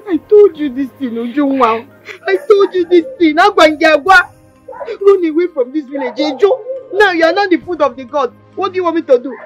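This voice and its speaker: An actress with a Nigerian accent playing an excitable young woman friend who talks dramatically, in a dull lo-fi film recording. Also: sits high, fairly quick, music in the background. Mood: dramatic. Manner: dramatic, exclaiming.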